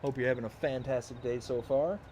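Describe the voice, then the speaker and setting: A man's voice: medium pitch, steady tone, fairly quick, mellow, slight background noise. Upbeat rambling male streamer. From US South. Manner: upbeat, rambling, reads chat aloud. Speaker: livestream host. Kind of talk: casual live-stream chat.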